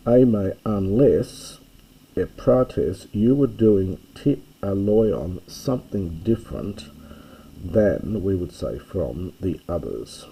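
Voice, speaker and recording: An older man teaching a classics lesson, reading an ancient text line by line and explaining each word slowly and carefully. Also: deep voice, lively intonation, mellow, a little hiss or hum, poor audio.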